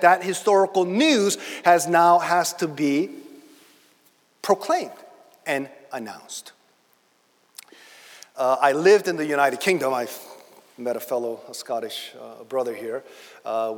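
A middle-aged man preaching a sermon, swinging between loud emphatic declarations and quiet, conversational storytelling. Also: on the high side. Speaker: pastor. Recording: long hall reverb.

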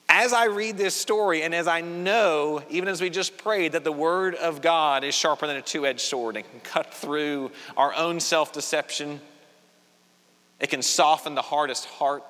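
A man's voice: mid-range voice, sharp tone. A man preaching a sermon as a pastor, earnest and conversational, with frequent restarts. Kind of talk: sermon with opening prayer. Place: church sanctuary. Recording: long reverb of a church hall.

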